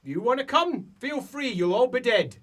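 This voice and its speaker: A man's voice: very high-pitched, expressive, moderate pace, fairly bright tone, voice pushed up, heavily acted. A man voicing a sly, threatening male dwarf leader who speaks in a coarse manner. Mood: taunting. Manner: taunting, coarse, drawling threats.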